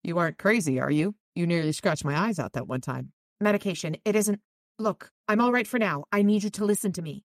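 Talking a little fast with a fairly low voice and no room sound, a podcast host casually recaps a novel. She reads quoted passages in light voices and mixes in chatty asides.

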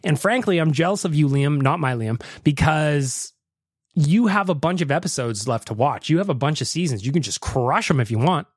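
Animated swearing podcast host. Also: male voice, a little high, normal speed, dry recording, studio quality. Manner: animated, swearing, mock outrage. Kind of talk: casual podcast chat.

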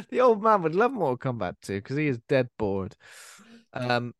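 A podcast co-host chats casually about a film, acting out quoted lines in silly voices. His medium-pitched, fairly bright voice swings hugely in pitch at a moderate pace, and the studio-quality recording is dry.

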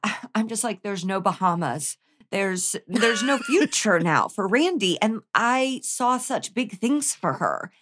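A woman's voice: medium pitch, expressive, measured pace, a bit bright. A woman co-hosting a casual TV recap chat. She is chatty and quotes her own reactions with dry jokes. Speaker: podcast co-host.

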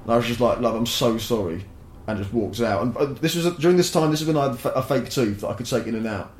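A young adult man with a mid-range voice tells a story as a podcast guest in a casual storytelling setting, talking very fast. He's sweary, rambling and animated, and the recording has a roomy echo.

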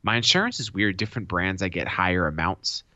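A man co-hosting a podcast, telling a story in a casual, animated way and swearing freely. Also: sits low, a little fast, dry recording. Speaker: podcast co-host. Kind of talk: casual chat. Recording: dull lo-fi sound.

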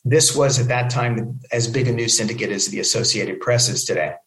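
A man from New Jersey, a guest, telling anecdotes in an animated way and acting out other people's lines. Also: mid-range voice, fairly quick. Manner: lively storyteller who acts out other people's lines. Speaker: comic book film producer and guest. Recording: echoey room.

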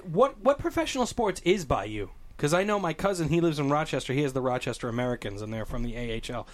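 A man's voice: on the high side, very animated, fast talker. A man hosting a casual podcast chat, teasing and joking with his guests. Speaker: podcast host.

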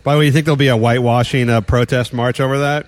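A man's voice: mid-range voice, steady tone. A man chatting casually and joking in a rambling, laughing way. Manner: fast, rambling, joking with frequent laughs and fillers. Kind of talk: casual podcast banter.

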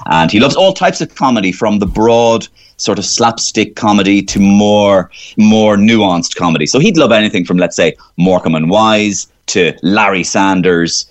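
Irish man, middle-aged, low voice, comedian, rambling radio chat. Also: lively intonation, moderate pace, few pauses. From Ireland. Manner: rambling, anecdotal, slips into character voices. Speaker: comedian and impressionist.

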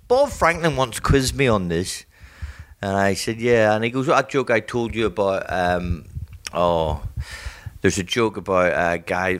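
A middle-aged man chatting as a comedian guest, telling anecdotes and jokes and acting out the people in them. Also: lowish voice. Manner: animated storyteller, acts out voices in his stories.

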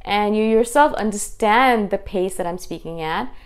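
A woman talking fast and intensely as the host of her own video channel, in a casual monologue. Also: mid-range voice, clean tone. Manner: fast, intense, animated delivery. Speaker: YouTube host.

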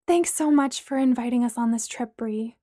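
A woman reading a story voices a cheerful, earnest young woman with a high, soft delivery. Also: normal speed, no echo, clean studio sound, lightly acted.

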